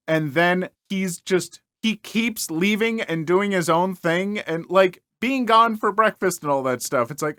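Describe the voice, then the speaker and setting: A man's voice: sits high, lively intonation, unhurried, hardly any pauses, sharp tone, dry recording, studio quality. A man narrating stories aloud and giving chatty commentary full of fillers. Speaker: story narrator. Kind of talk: reading stories aloud and reacting to them.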